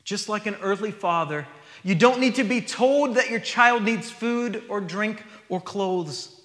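A man's voice: sits high, measured pace, a bit bright, roomy sound, in a large hall. A man preaching a sermon, reading scripture aloud and then explaining it in a conversational way.

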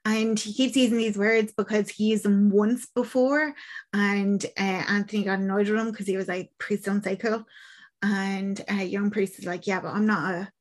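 Woman, young adult, casual chat, chatty storyteller, mid-pitched voice. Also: little pitch movement, moderate pace. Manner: chatty, acts out quoted lines, swears casually. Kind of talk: casual chat retelling a film plot.

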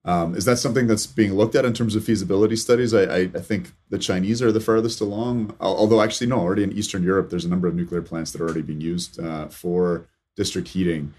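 A man's voice: low voice, steady tone, fast, darkish tone. A man from Canada hosting an interview, asking thoughtful, probing questions. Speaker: interview host.

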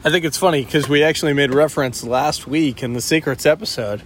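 A man's voice: fairly high pitch, fairly quick, slight background noise. A man hosting a podcast, teasing his co-hosts in a playful casual chat. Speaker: podcast host.

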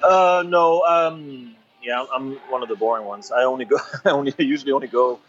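A man's voice: mid-range voice, a little fast, lo-fi sound. A man from Denmark with a Danish accent, chatting easily as a guest in a casual remote interview while on holiday by the sea. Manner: relaxed, chatty, laughs easily. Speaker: guest, longtime fan. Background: faint background music.

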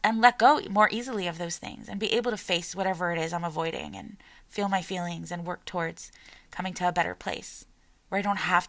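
Woman in her 40s, bright clear voice, earnest and heartfelt, telling a personal story. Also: mid-range voice. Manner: earnest and emotional, voice softening as she tears up. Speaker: parent sharing her story.

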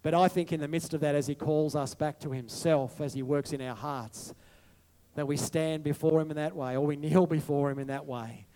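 A male pastor preaching to his congregation, moving from soft, hushed reflection to a rising, passionate appeal. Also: on the high side, fairly even intonation, normal speed. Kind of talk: sermon over worship music.

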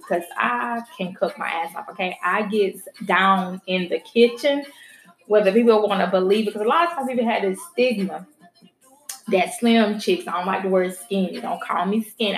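A woman vlogging casually to her viewers, frank and chatty, swearing freely as she talks straight to them. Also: mid-range voice. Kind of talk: casual chat to camera. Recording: roomy echo with faint music.

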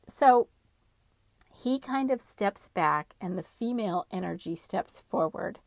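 A woman telling a personal story casually, in an animated, dramatic way. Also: medium pitch, a little slow, creaky, no room sound, studio quality.

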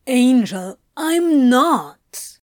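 A woman's voice: sits high, big pitch swings, very slow, darkish tone, dry recording, voice pushed up, full character voice. A woman voicing a blunt, swearing male demon in a fan fiction reading, in a voice close to her own. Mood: insistent, exasperated. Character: swearing, exasperated male demon, devoted lover.

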